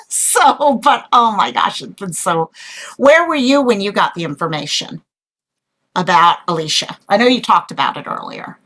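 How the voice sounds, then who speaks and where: A woman hosting a casual livestream chat, excitable and rambling as she greets viewers and a guest. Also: medium pitch, moderate pace, low-quality recording. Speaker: livestream host.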